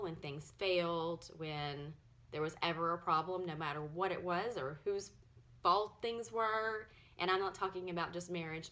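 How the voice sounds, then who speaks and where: A woman in her forties sharing her personal story in a halting, earnest way, at times close to tears. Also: on the low side, sharp tone. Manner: earnest, halting, emotional, often near tears. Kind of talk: personal testimony to camera.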